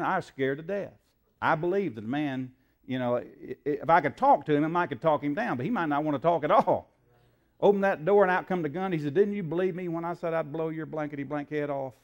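A man's voice: on the high side, fairly quick. A man, a preacher telling a story in a sermon in a folksy way, acting out the dialogue, with frequent fillers.

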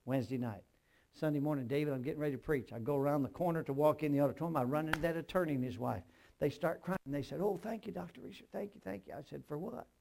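A preacher with a gravelly, fry-laden voice that sits a bit higher than most men's. He tells his sermon as a string of stories, acting out the dialogue and turning to ask the congregation whether they are listening. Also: fast talker, a little mellow, a little hiss or hum. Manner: storytelling, acts out dialogue in quotes; addresses the congregation directly.

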